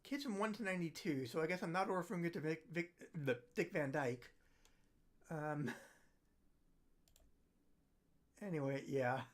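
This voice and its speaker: A woman hosting a holiday livestream, chatting casually between songs in a rambling, self-deprecating way that trails off quietly. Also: low-pitched, a little slow, pauses often. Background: ukulele playing.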